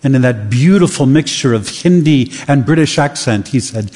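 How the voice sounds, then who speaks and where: Husky-voiced man preaching in a hall. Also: mid-range voice, expressive, moderate pace, darkish tone. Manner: earnest, builds to emphatic questions. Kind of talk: sermon.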